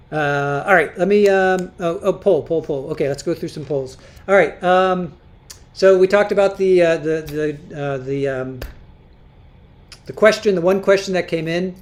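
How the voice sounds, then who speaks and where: This livestream host speaks on the low side at a measured pace. Her stream is casual, and she talks as she reads out viewer comments, frequently repeating and restarting what she says.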